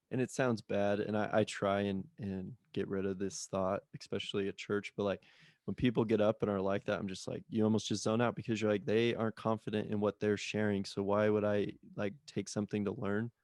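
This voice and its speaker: Flat, low-voiced man, dry sound. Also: brisk, no room sound. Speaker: podcast co-host. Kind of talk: casual conversational chat.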